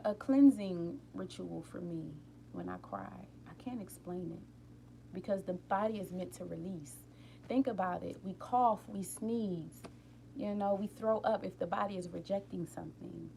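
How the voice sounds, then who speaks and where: Chatty woman with a gravelly voice. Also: mid-range voice, darkish tone, slight background noise. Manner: chatty, rambling, talks straight to viewers; openly emotional, tearful at times. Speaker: live-stream host. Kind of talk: casual inspirational chat. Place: at home, late at night.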